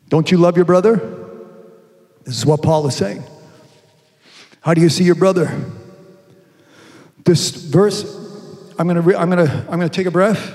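A man preaching a sermon to a congregation, asking rhetorical questions and reading scripture slowly with emphasis. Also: a little high, fairly even intonation, darkish tone. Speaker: pastor. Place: church hall. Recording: long reverb from a large hall.

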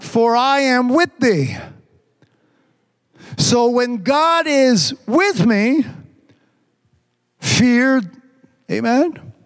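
A man preaching a sermon, reading scripture slowly and stretching the words, with frequent amens. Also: extremely high pitch, long reverb tail. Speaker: pastor.

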